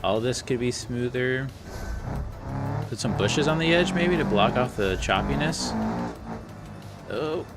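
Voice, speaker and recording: A man's voice: mid-range voice, expressive, unhurried, vocal fry, pauses often, over loud music. A man casually narrating as he plays and edits a game, thinking aloud and talking himself through each step. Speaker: game modder and video creator. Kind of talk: casual commentary while playing and editing a game.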